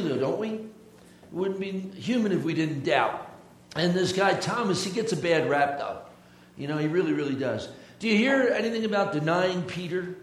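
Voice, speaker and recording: Folksy high-voiced man preaching in an echoey church. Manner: folksy joke-telling, lively and animated. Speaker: pastor. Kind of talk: sermon.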